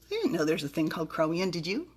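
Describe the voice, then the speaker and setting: A bubbly middle-aged woman talks straight to camera in a chatty, giggly way, often tripping over hard words. Her voice sits a little low, and she sounds open and unscripted. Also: sing-song, fast talker, darkish tone, a little hiss or hum. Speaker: vlogger reviewing vitamins. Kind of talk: casual talk to camera.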